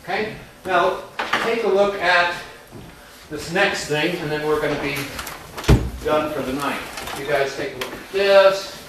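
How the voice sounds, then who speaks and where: A man's voice: on the high side, measured pace, recorded from a distance, background noise. A man teaching a music workshop to a class, explaining melody and rhythm and singing out rhythms on nonsense syllables. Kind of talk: classroom lesson. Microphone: distant recorder in the room. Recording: very echoey room recorded from afar, faint music.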